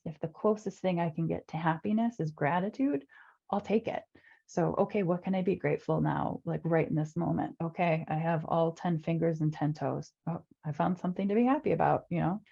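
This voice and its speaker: A woman's voice: fairly low pitch, creaky, mellow, husky. A woman life coach giving an earnest webinar talk, repeating key phrases and acting out the voices in people's heads. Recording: dull lo-fi webinar audio.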